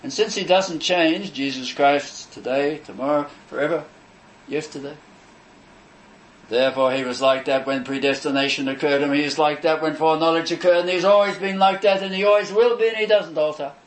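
A man preaching a sermon, emphatic and declamatory, repeating phrases for stress and pausing between them. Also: on the high side, slight background noise, rough recording. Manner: measured, declamatory delivery with pauses between phrases.

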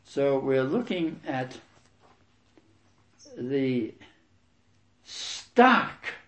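A man preaches through scripture with a fairly high, highly animated voice. He hammers key words, swinging between loud stresses and quiet asides. The sound carries a roomy echo. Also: a little slow. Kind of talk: expository sermon reading and commenting on scripture.

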